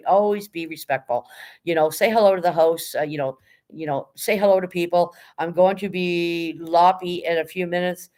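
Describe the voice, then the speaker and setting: A woman's voice: fairly low pitch, fairly even intonation, normal speed, a little mellow. A middle-aged woman chatting casually on a livestream, greeting her chat and speaking bluntly. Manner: blunt, no-nonsense. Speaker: live streamer greeting chat.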